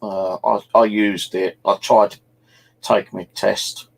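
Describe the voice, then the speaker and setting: A man's voice: fairly low pitch, little pitch movement, takes it slowly, gravelly. A middle-aged man from England, telling rambling, sweary anecdotes as host of a casual chat. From South East England. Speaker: channel host.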